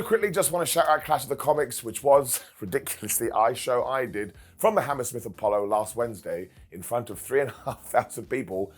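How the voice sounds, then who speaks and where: A man with a husky, mid-pitched voice hosts a wrestling review in casual commentary. He jokes at his own expense and chuckles often, with faint music underneath. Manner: jokey and self-mocking, chuckles through sentences. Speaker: wrestling review show host.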